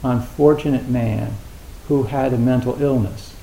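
A middle-aged American man giving a dharma talk as a Zen teacher, in a loose, halting, conversational way with many fillers and a wry, gentle humor. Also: mid-range voice, fairly even intonation, gravelly. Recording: roomy hall with faint hiss.

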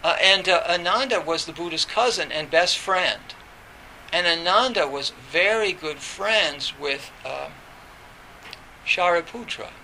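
A man's voice: a little high, a little slow, gravelly, bright, forceful tone, slight background noise, poor audio. A man giving a Zen dharma talk in a rambling way, with many fillers and restarts. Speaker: Zen teacher.

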